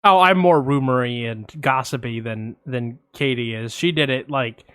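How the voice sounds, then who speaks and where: A young man co-hosting a casual film podcast, joking and boastful, talking in quick bursts with fillers. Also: mid-range voice, fairly bright tone, clean tone. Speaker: podcast co-host.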